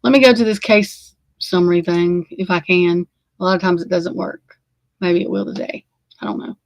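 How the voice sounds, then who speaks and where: Woman, sleepy, exasperated rambling, swears, gravelly, dry room. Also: fairly low pitch, steady tone, moderate pace, dry recording. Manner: rambling, exasperated, swears freely, talks to chat. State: sleepy, yawning. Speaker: true crime livestream host. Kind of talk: casual live commentary.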